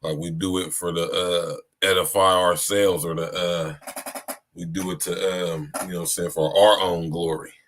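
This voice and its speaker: Deep-voiced man preaching on a podcast. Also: flat delivery, normal speed, fairly bright tone. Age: 30s. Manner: preachy, repeats "you hear me" and "man". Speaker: podcast host. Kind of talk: casual live-stream monologue.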